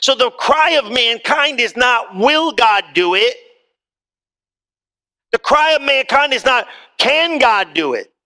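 A man preaches to a congregation with a high, bright voice. He talks to the room like a friend, shifting pitch and pace often as he makes his points. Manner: conversational preaching, wide swings in pitch and pace. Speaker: pastor. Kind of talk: sermon. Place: church hall before a congregation.

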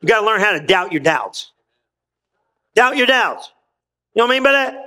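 Very animated and high-voiced, a pastor preaches to his church at a moderate pace with a sharp tone. He's rousing and folksy, using colloquial phrasing and calling out to the congregation for a reply.

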